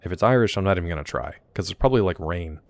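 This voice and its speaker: A man's voice: deep voice, animated, rapid-fire, dry recording. A man giving casual live gameplay commentary as a streamer, chatty and joking as he reacts aloud and talks to his chat. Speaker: game streamer.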